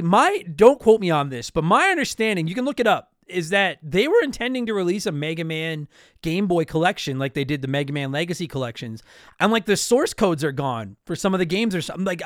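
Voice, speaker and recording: A man's voice: sits high, fairly bright tone, dry recording, studio quality. A young man from Canada hosting a casual talk show, answering listener mail in a rambling, apologetic way with lots of restarts. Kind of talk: casual chat.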